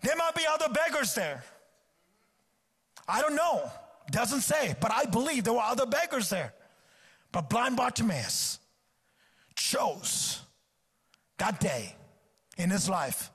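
High, husky-voiced male preacher. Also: sing-song, takes it slowly, long pauses, a bit bright. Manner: exhorting, repetitive and emphatic. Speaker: guest preacher. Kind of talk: sermon. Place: church service.

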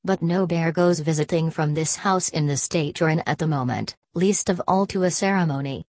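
A woman's voice: low voice, moderate pace, darkish tone, dry recording, clean studio sound. A woman voicing a stern, no-nonsense older housekeeper.

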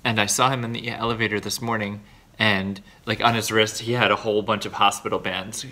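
A man's voice: fairly low pitch, flat delivery, a little fast, bright, forceful tone. A man talking to the camera in a confessional video diary, earnest and self-deprecating, rambling through his thoughts with restarts. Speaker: vlogger.

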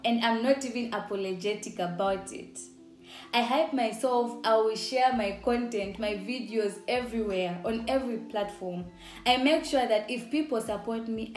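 A young woman speaks with a Zambian accent, her voice pitched a little high and full of chatty cheer. She talks straight to camera in a casual vlog style, laughing easily. The room is echoey, with faint music playing underneath. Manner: upbeat, chatty, laughs often. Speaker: YouTuber.

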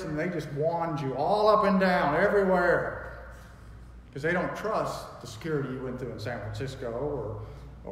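A man's voice: fairly high pitch, slight background noise. Man preaching in an echoey hall. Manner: emphatic preaching with wide swings in loudness; folksy storytelling. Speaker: pastor. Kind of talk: sermon. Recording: echoey hall with long reverb.

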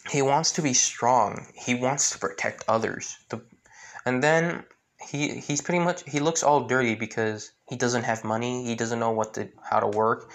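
A man retelling a fan story in a halting way, with many restarts and fillers. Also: medium pitch, a bit bright.

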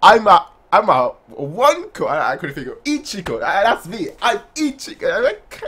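Animated man reacting to manga. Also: sits high, a little fast, few pauses. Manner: animated, puts on silly voices for characters. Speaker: manga reaction channel host. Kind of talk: excited manga reaction commentary.

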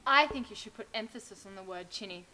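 A woman playing a fawning, pretentious actress in a mockumentary, speaking in a gushing, flattering way. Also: mid-range voice, fast, low-quality recording.

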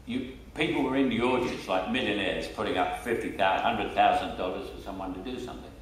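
A Cockney-accented older man spins anecdotes as an interview guest, talking quickly in a lowish voice, chatting, laughing a lot and repeating words as he restarts. It's a casual interview captured in an echoey room with the mic far off and slight background noise.

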